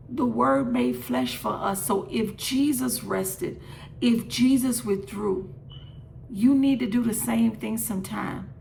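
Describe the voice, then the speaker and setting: Earnest woman with a gravelly edge. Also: on the high side, a little mellow, slight background noise. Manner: earnest, direct address with repeated phrases. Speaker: host of a faith encouragement show. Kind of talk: midday devotional encouragement.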